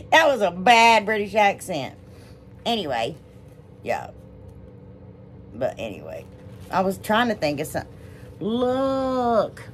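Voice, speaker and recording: A woman's voice: on the low side, very animated, a little slow, pauses often, a little hiss or hum. A woman hosting a casual crafting vlog, rambling and gushing over what she shows. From United States. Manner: rambling, gushing, says y'all often. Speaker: DIY crafts channel host.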